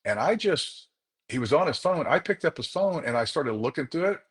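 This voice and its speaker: A man's voice: fairly high pitch, expressive, moderate pace. A man who works as a chiropractor, telling a story to a group in an earnest, motivational way. He speaks to them directly and repeats words for emphasis. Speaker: chiropractor leading a group session.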